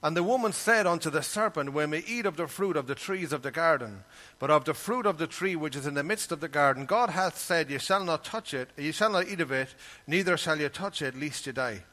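A man's voice: fairly high pitch, lively intonation, fairly quick, sharp tone. A man preaching a sermon, talking earnestly and conversationally and reading scripture aloud. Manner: earnest, conversational, reads scripture in King James wording.

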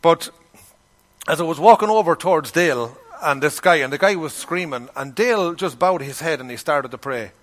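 A middle-aged man with an Irish accent preaches in a relaxed, conversational way, sliding into anecdotes and giving the people in them their own voices. His voice sits a touch higher than most men's. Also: moderate pace. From Ireland. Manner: conversational storytelling, acts out quoted voices. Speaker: pastor. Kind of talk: sermon with storytelling.

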